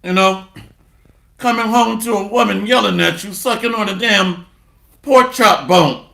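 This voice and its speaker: This is a sermon from a man with a gravelly voice who speaks at a measured pace in an echoey room. He's sarcastic, leans on repeated refrains, reads scripture aloud, and moves from quiet muttering to loud bursts.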